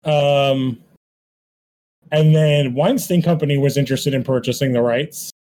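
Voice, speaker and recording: A man's voice: mid-range voice, steady tone, a little slow, a little mellow, a little hiss or hum, poor audio. A man co-hosting a casual movie-watching podcast, talking in a rambling way with many fillers. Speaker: podcast co-host.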